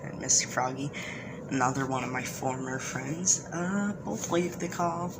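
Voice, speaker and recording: A man's voice: medium pitch, measured pace, creaky, very noisy. A man telling a story casually to viewers, rambling with many restarts. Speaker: video creator.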